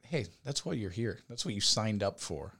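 A man's voice: lowish voice, lively intonation, moderate pace, creaky, bright, forceful tone, slightly rough. Blunt, profane male podcast host. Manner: blunt and profane, lots of fillers. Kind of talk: casual podcast chat.

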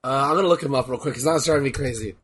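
A man co-hosting a casual chat, excitable and swearing freely, his voice cracking from being sick. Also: medium pitch, very fast, a little hiss or hum. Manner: excitable, swears, laughs often. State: voice cracking from illness. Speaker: podcast co-host.

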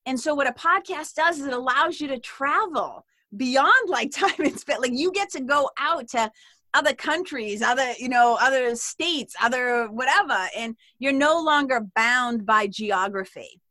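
A woman with a Boston accent talks as a podcast guest in a loose, animated way, laughing and swearing freely. Her voice is bright and a little high. The recording is dry and close. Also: normal speed, no room sound. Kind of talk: casual interview chat.

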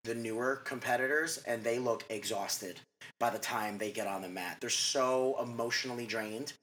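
A man as a mindset coach guest in a casual interview, talking fast and rambling with lots of "like" and restarts. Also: medium pitch, fairly bright tone, slight background noise.

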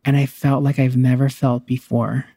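A woman's voice: extremely low pitch, level tone, normal speed, dark tone, breathy edge. A woman telling a personal story in a candid, heartfelt, conversational way.

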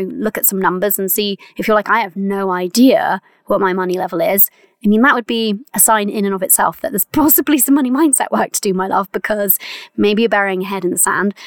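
A young adult woman hosting a solo coaching podcast, chatty and encouraging, often laughing and addressing listeners warmly. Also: mid-range voice, fast, dry recording, clean studio sound. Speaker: money mindset coach and podcast host.

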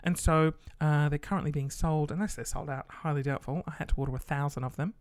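A man's voice: a little high, fairly even intonation, fast, no echo. Brief: Australian man, casual monologue host, loose and sweary, dry recording. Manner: chatty and rambling, swears casually, many fillers.

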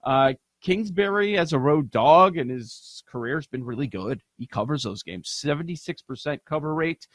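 Guy running a sports betting show, rattles off odds n stats, kinda higher voice. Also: lively intonation, no echo. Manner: brisk, reads odds and stats. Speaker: sports betting podcast host. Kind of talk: casual sports chat.

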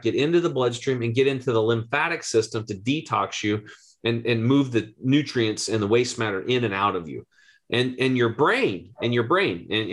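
A man in his forties, a health coach, telling an animated story in an interview and acting out the voices he quotes. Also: medium pitch. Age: 40s. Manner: excitable, rapid, acts out quoted voices.

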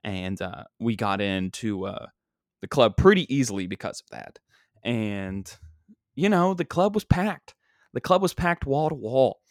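A man's voice: mid-range voice, lively intonation, unhurried, no room sound, studio quality. A young man hosting his own podcast, telling a rambling comic story full of fillers into a single microphone. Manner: rambling, many fillers and restarts. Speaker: podcast host and stand-up comic.

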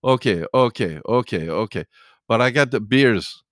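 A man's voice: mid-range voice, expressive, normal speed, a bit bright, dry recording, studio quality, voice pushed up, close to an everyday voice. A man voicing a Russian male trucker with a Russian accent and broken English. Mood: insistent. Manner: broken English, insistent and exasperated. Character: gruff Russian male trucker hauling bears.

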